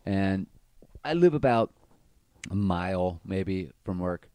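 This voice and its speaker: A man's voice: low voice, lively intonation, slow pace, mellow, clean tone, no room sound. A young man from Baltimore, a bartender and podcast co-host, telling crude, rambling stories full of fillers in casual banter.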